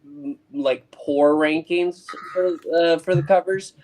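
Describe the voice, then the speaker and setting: A man's voice: fairly high pitch, fairly even intonation, slow pace, darkish tone. A man on a casual livestream panel, giving scores and trading dry, teasing banter.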